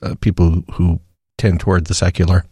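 Older man, lowish voice, measured, hesitant restarts, casual talk, dry close mic. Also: flat delivery, mellow, slightly rough, dry recording. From Florida. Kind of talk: casual discussion.

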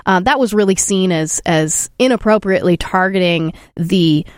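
A woman from the hosting a casual discussion, chatty and quick to laugh, with many fillers. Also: lowish voice, dry recording, clean studio sound. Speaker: podcast host.

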